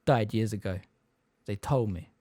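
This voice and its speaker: A man voicing a huge, gruff half-giant gamekeeper in an audiobook reading, blunt and homely in his speech. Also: lowish voice, measured pace, warm tone, no echo. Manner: blunt, plain-spoken, homely.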